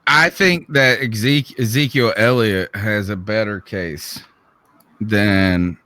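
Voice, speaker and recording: A man's voice: fairly low pitch, slow, sharp tone, dry recording. A man with a Southern accent co-hosting a casual sports podcast, asking questions and restarting his sentences as he talks. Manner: conversational, prone to restarts and rhetorical questions. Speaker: podcast co-host.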